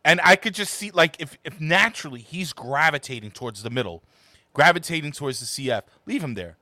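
Opinionated man co-host, bright edgy voice, dry close sound. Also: on the high side, lively intonation, no room sound. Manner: opinionated, halting with repeated words. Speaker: co-host of a football podcast. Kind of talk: casual chat.

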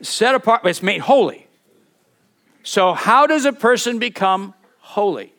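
A male pastor delivering a sermon in an animated, emphatic way, often repeating words as he builds a point and prompting the congregation to answer back. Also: sits high, measured pace. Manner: leads congregation call-and-response.

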